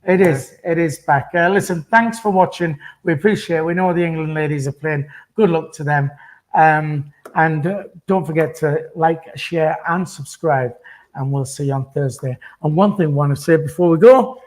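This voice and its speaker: A man's voice: on the high side, moderate pace, darkish tone. A man hosting a casual post-match fan chat, rambling with lots of ums and uhs. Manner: rambling with many fillers. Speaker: fan channel host.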